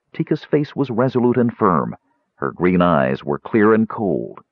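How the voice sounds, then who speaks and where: A man with a low voice reads a fantasy novel aloud, his pitch rising and falling dramatically. The delivery is scripted and expressive. The recording is dry and slightly dull. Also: no room sound. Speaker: audiobook narrator.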